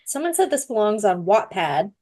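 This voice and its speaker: A woman's voice: mid-range voice, sing-song, moderate pace, darkish tone. A young woman co-hosting a casual book podcast, blunt and swearing freely. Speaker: podcast co-host.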